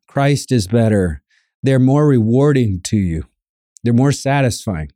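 Male preacher, low and mellow, earnest and emphatic sermon delivery. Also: no room sound, studio quality. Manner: earnest, emphatic, repeats key lines; reads scripture aloud.

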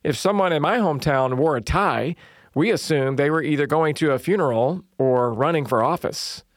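A middle-aged man preaches a sermon, telling funny stories from his small-town life before turning to faith. His voice sits a little high for a man, and the sound is dry and close with no room around it. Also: normal speed, no echo. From Southern United States. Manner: humorous storytelling, lively quoted voices. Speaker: pastor.

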